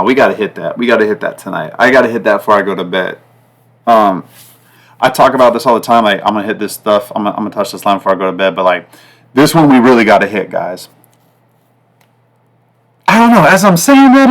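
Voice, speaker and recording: A man hosting a sports betting podcast in a loose, rambling way, full of fillers and repeats, with sudden jumps up and down in pitch and loudness. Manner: rambling, repetitive, fillers like "like" and "guys"; pitch and loudness swing up and down from line to line. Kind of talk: casual betting talk.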